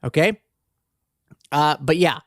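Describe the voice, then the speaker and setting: A man's voice: on the high side, slow, no echo, studio quality. A man hosting a casual comedic true-crime podcast, rambling and swearing through joking asides into a desk mic. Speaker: podcast host.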